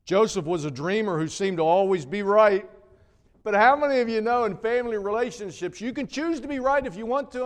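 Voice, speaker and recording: A man's voice: sits high, lively intonation, normal speed. Preacher man in a reverberant hall. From North Carolina. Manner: dramatic swings from loud to hushed. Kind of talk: sermon. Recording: long reverb of a large hall.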